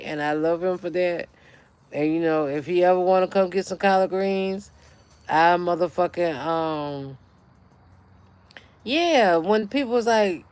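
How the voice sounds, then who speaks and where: A middle-aged speaker, ranting in casual livestream chat and telling a heated story full of swearing. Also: mid-range voice. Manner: profane, heated storytelling rant. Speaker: channel host.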